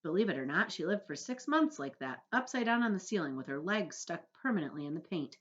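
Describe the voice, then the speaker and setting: A woman's voice: lowish voice, sing-song, a little fast, a bit bright, lo-fi sound. A woman voicing a prim, tearful female spider in a storybook read-aloud, telling a sad tale dramatically.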